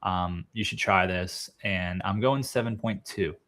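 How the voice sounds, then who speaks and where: A man with a somewhat low voice, co-hosting a podcast. He chats in a loose, playful way and jokes with his partner. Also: measured pace, fairly bright tone. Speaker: podcast co-host. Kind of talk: casual chat.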